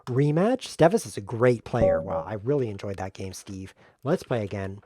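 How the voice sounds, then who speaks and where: A man streaming a chess game, talking to himself in a jokey, excitable way as he plays. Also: on the low side, moderate pace, breathy edge. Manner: jokey, excitable self-talk while playing. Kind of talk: live game commentary.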